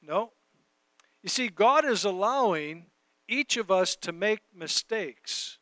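A man's voice: high voice, expressive, slow pace, a bit bright, no echo. A man preaching a conversational sermon, reading scripture and talking directly to his audience. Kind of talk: sermon teaching.

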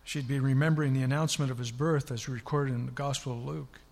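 Husky-voiced male preacher in a reverberant hall. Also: mid-range voice, steady tone, quick pace, a little mellow. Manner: dramatic, retelling scripture with rising emphasis. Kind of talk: sermon.

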